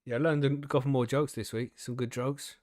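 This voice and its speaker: A man's voice: mid-range voice, fairly even intonation, brisk, a little mellow, dry recording. Man, podcast co-host, casual joking chat, cusses a lot, dry close sound. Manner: laughs at his own jokes, swears freely. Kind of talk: casual chat, telling jokes.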